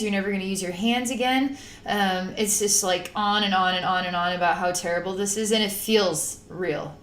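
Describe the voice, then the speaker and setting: A woman's voice: medium pitch, a bit bright, echoey room. A woman psychic talking through a spiritual healing session in a rambling, emotive way, at times acting out panicked voices. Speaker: psychic channeler.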